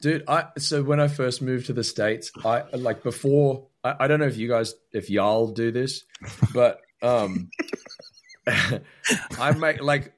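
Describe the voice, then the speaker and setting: A man's voice: mid-range voice, slow. A man with an Australian accent co-hosting a podcast, telling stories in a rambling way full of "like". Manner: rambling, filler-heavy storytelling with frequent "like". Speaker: podcast co-host. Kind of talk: casual chat.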